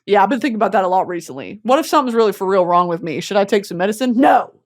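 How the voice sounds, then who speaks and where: A young woman hosting a comedic podcast, swearing freely and jumping from low mutters to loud squealing outbursts. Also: animated, racing. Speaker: podcast host.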